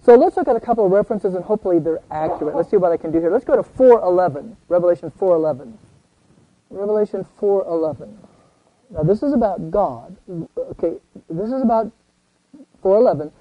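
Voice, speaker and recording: An older man teaching a Bible class in a folksy way, asking the group questions and answering them himself, and reading scripture aloud slowly and with emphasis. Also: high voice, animated, no room sound, dull audio. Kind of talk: conversational Bible study teaching.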